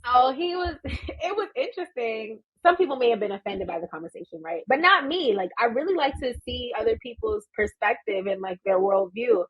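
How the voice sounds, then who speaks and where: Brief: American woman, 30s, podcast guest, animated storyteller, somewhat high and husky voice, slightly muffled audio. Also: brisk. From United States. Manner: animated, laughs often while telling stories. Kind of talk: casual storytelling chat.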